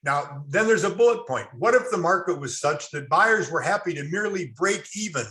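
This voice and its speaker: A middle-aged man leading a real estate workshop, animated and folksy, turning to the class with quick questions. His voice is bright and forward, set a bit above the usual male pitch. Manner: animated, folksy storyteller, addresses class directly. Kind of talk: classroom teaching with anecdotes.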